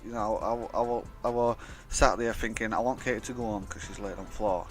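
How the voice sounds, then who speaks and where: A man's voice: on the low side, steady tone, fairly quick. A young man telling a personal story in a casual, rambling way, swearing often and acting out what others said. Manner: rambling, swears a lot, acts out quoted dialogue. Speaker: vlogger.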